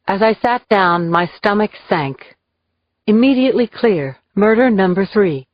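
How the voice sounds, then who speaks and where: A woman reading a crime novel aloud in measured, even audiobook narration, in a dull, dry lo-fi recording. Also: mid-range voice, dry recording.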